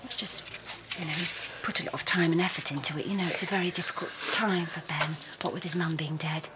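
A woman's voice: sits low, steady tone, fast, heavy background noise, natural voice. An actress playing a manipulative, spiteful woman in a television soap, talking with sugary menace. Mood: defensive. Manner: sugary menace turning to self-pity. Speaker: Ben's father's scheming partner. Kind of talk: soap opera acting.

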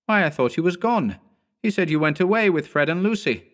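A man voicing a blunt, stubborn rural mailman who drawls slowly. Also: fairly low pitch, natural voice. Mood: surprised.

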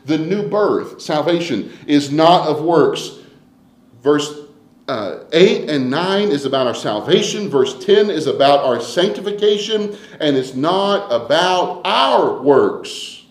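Preacher man with a lively, echoing voice. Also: a little high, takes it slowly. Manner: dynamic preaching, swinging from hushed to loud and emphatic. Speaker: pastor. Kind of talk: sermon. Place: church sanctuary.

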